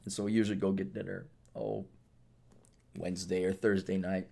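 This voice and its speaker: A man with a low, creaky, slightly rough voice at a moderate pace hosts a podcast, rambling through profane comic stories and animatedly acting out the quotes.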